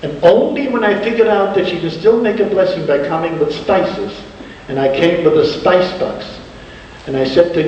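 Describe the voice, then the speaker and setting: A rabbi telling stories in a sermon, earnest, slowing down with dramatic pauses. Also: male voice, on the high side, lively intonation, darkish tone, slight background noise. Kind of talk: emotional storytelling sermon. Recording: distant, dull echoey hall.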